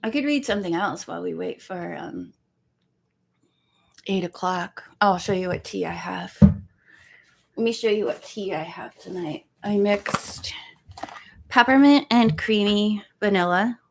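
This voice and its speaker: Slow, rambling woman chatting on a live stream. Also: mid-range voice, vocal fry, slight background noise. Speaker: live-stream host reading a book. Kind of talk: casual live-stream chat.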